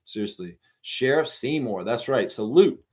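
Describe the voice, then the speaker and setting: A man's voice: medium pitch, lively intonation, a little slow, darkish tone. A middle-aged man hosting a live fan stream, ranting profanely and reading out chat messages.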